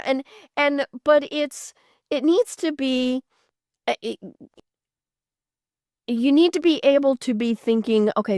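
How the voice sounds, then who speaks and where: A woman's voice: high-pitched, no room sound, clean studio sound. A woman hosting a podcast, chatting casually with frequent fillers, restarts and laughs. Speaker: podcast host. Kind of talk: casual interview chat.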